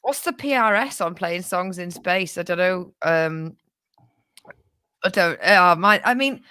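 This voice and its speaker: A woman's voice: lowish voice, unhurried, sharp tone, clear, resonant tone, dry recording. A young woman co-hosting a comedy podcast, chatty and joking, swearing and laughing a lot. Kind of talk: casual comedic banter.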